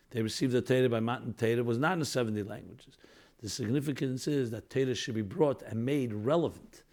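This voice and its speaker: A man teaching Torah in an earnest lecture style. His voice sits at an ordinary middle pitch. He leans harder on key points and mixes Hebrew and Yiddish terms into his English. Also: darkish tone. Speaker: rabbi lecturer.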